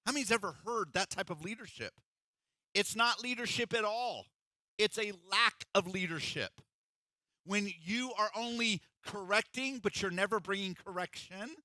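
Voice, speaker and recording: Bright, emphatic man preaching a sermon. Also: high voice, moderate pace, no room sound. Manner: emphatic, conversational preaching with acted-out quotes. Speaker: pastor.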